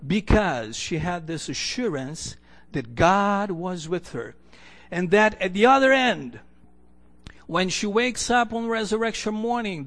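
A male pastor preaching a sermon in a church, earnest, repeating key phrases for emphasis and letting the ends of lines fall to a hush. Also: high voice.

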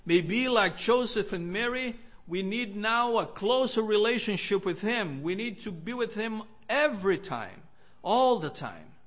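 A man preaching a sermon in an earnest, measured way, with pauses between phrases. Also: sits high, expressive, fairly bright tone.

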